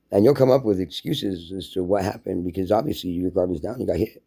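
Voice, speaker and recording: A man's voice: sits low, quick pace, vocal fry, hardly any pauses, warm tone, breathy edge. A man giving a heated, profane monologue rant to camera as a vlogger, telling it like a story.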